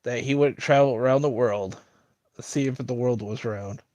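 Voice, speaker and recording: A man's voice: medium pitch, moderate pace, darkish tone, dry recording. Dry-voiced man rambling casually. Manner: rambling, filler-heavy, mocking. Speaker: streamer.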